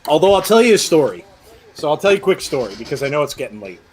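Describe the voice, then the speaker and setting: A man's voice: on the high side, sing-song, fast. A middle-aged man co-hosting a live wrestling podcast, chatting casually and rambling with lots of fillers and restarts. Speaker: podcast co-host. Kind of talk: casual live-show chat.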